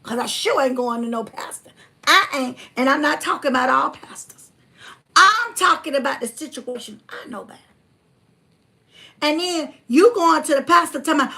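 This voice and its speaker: A woman hosting a livestream, talking bluntly and fiery, reading viewer comments and swinging from loud to hushed. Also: sits high, animated, normal speed, vocal fry. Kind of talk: casual preachy livestream talk.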